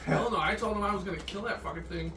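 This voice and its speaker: A man's voice: high voice, quick pace, sharp tone. A young man co-hosting a podcast, chatting casually and acting out quotes animatedly, with lots of swearing. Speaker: podcast co-host. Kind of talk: casual chat. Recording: echoey room, distant mic, background noise.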